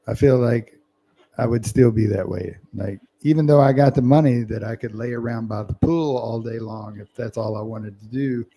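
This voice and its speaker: A man with a gravelly, creaky voice at a middle pitch, co-hosting a sports podcast in loose, casual banter. His delivery stays dry and flat, so even serious lines come out sounding a touch sarcastic. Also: moderate pace. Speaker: podcast co-host. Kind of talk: casual chat.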